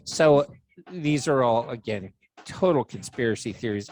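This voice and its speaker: Male podcast host, mid-pitched, sarcastic and profane banter. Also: expressive, a little slow, a little mellow, low-quality recording. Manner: sarcastic, swearing, laughs often.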